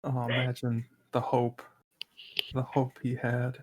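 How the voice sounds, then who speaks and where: Flat-voiced tabletop player. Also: medium pitch, slow. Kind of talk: casual tabletop play.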